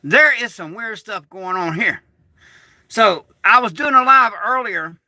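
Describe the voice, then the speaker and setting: Excitable high-voiced man. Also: unhurried, dry recording. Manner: rambling, excitable, swears, restarts often. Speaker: prepper vlogger. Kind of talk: casual livestream storytelling. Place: small shed turned bunker.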